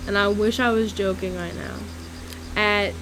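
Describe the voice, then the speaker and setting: In this casual storytelling monologue, a young woman with a medium-pitched, steady voice shares personal stories at a measured pace, with background noise audible. She's chatty, laughs between lines, swears freely and leans heavily on "like".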